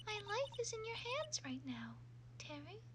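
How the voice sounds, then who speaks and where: A sweet, sinister young woman, as a woman plays her in a fan game dub. She speaks in a soft, breathy, coaxing voice that sits very high and slides up and down. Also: very animated, a little slow, very noisy, full character voice.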